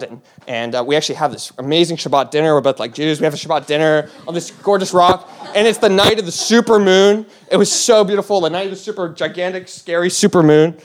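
High-voiced young man telling a rambling story. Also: clear, resonant tone. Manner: rambling, with many fillers and restarts, laughing as he tells it. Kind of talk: personal story told on stage.

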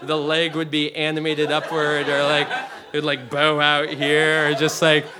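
A man's voice: on the high side, completely flat delivery, moderate pace, background noise. A young man telling a comic personal story to a live audience, rambling and restarting as he laughs through it. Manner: rambling, self-interrupting, laughing often. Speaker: storyteller on stage.

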